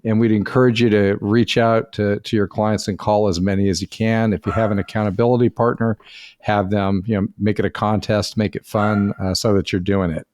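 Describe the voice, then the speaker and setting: A man's voice: fairly low pitch, level tone, fairly quick, a little mellow, dry recording, studio quality. A middle-aged man co-hosting a real estate podcast in a folksy, upbeat, joking way. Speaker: podcast co-host. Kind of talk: casual chat.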